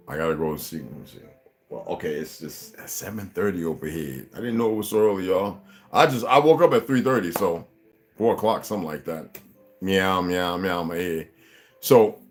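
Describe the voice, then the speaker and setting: A man's voice: low-pitched, very animated, a little fast. A man hosting a livestream, talking casually to his viewers in a rambling, preachy and profane way. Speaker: livestream host.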